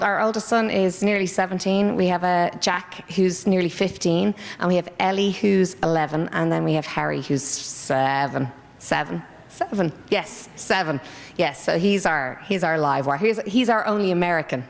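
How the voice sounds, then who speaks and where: A woman's voice: lowish voice, normal speed, vocal fry, in a large hall. An Irish woman in her forties, chatting through rambling anecdotes in a casual interview. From Ireland. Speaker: interviewee, former stage dancer.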